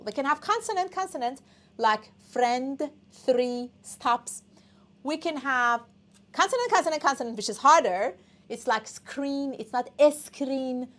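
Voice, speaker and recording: A woman's voice: high-pitched, fairly bright tone. A woman whose first language is Persian, teaching an online English test class, coaxing students and often checking in with "okay?".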